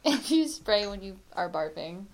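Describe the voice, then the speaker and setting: A woman's voice: medium pitch, sing-song, moderate pace. A woman hosting a podcast, chatting casually and giggling easily. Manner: giggly, easygoing. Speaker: podcast host. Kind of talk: casual phone chat.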